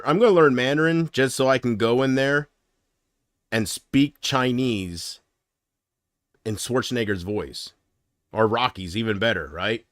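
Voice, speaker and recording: A man chatting casually on a livestream, rambling and griping. He swings from loud complaints to muttered asides and trails off mid-sentence. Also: medium pitch, measured pace, long pauses, no room sound, clean studio sound.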